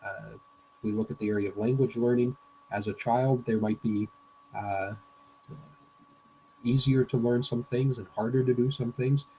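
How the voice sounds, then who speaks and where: A male business coach delivering an explanatory presentation lecture. His voice sits at an ordinary middle pitch, and he speaks haltingly, often pausing on fillers and restarting his phrases. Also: fairly even intonation, mellow, a little hiss or hum, poor audio. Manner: hesitant, frequent fillers and restarts.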